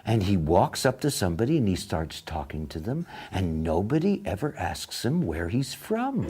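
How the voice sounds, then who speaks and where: A man giving a spoken lecture in a sardonic, mocking, animated way. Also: fairly low pitch, a little slow.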